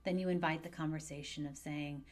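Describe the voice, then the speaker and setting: A woman coaching parents through divorce in a calm, gentle and measured way, speaking straight to her viewers in an advice video. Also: low-pitched. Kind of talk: direct-to-camera advice video.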